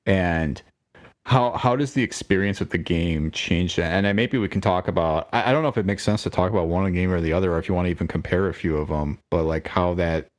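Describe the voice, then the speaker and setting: Podcast co-host, male, deep voice, loose rambling delivery with frequent laughs. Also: a little fast. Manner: rambling, laughs often, many restarts. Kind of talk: casual chat.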